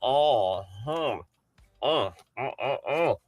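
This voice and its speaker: A man's voice: medium pitch, animated, drawn-out words, husky, no echo, faint music behind. A man hosting a casual gossip livestream from his bedroom, sassy and flamboyant, calling viewers honey and girl and greeting them by name. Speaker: livestream host. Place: bedroom, lying down.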